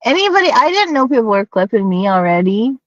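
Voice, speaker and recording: Woman streamer, high-ish, self-deprecating, foul-mouthed, lo-fi dry mic. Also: very animated, fast, dry recording. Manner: self-deprecating, swearing, laughing often. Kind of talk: casual chat on a livestream.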